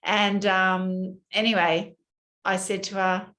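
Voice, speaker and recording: A woman's voice: mid-range voice, little pitch movement, takes it slowly, fairly bright tone. Older woman vlogger; chatty, conversational storyteller speaking to the girls watching. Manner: chatty storytelling, addressing women viewers. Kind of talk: casual chat.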